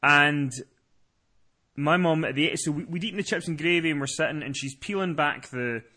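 A man's voice: fairly high pitch, moderate pace, pushed and bright. A man chatting on a podcast, telling a rambling story with many restarts. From lives in Scotland. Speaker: podcast co-host. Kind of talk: casual podcast chat.

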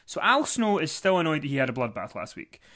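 A man's voice: fairly high pitch, sing-song, quick pace, bright, forceful tone. A man co-hosting a casual recap podcast, rambling and joking with plenty of fillers. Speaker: podcast co-host. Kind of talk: casual chat recapping wrestling.

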